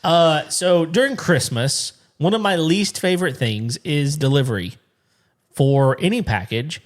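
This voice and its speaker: A man's voice: a little high, animated, a little slow. A man co-hosting a home show, chatting casually and acting out both sides of a phone call as he tells a story, often laughing. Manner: laughs often while telling stories. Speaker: podcast co-host. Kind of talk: casual chat.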